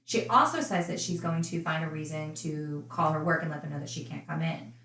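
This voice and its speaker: A woman's voice: low-pitched, a little fast, fairly bright tone, echoey room, rough recording. A woman casually recounting a true crime case, chatty and indignant in her asides.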